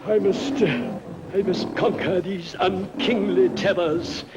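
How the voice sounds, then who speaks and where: Give me a vain, hesitant emperor with a high, slow voice over old film music. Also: male voice, vocal fry, dull audio, heavy background noise, exaggerated voice. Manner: hesitant, stammering, pompous. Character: nervous vain Roman emperor, middle-aged man. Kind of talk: 1950s film acting. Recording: old film soundtrack with orchestral score.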